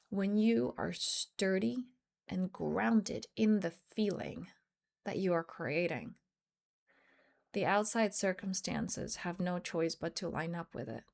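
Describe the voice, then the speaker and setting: A woman's voice: mid-range voice, vocal fry, darkish tone. A woman life coach telling a personal story in an earnest motivational talk, acting out bits of dialogue. English is not her first language.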